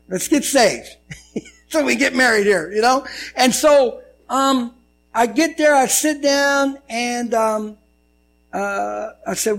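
A man preaching a sermon, telling a story and swinging between loud and hushed delivery. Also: extremely high pitch, slow, creaky, poor audio. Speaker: pastor.

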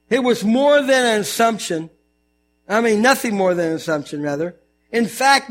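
Male pastor, high voice, animated sermon, jokey storytelling, mains hum behind.

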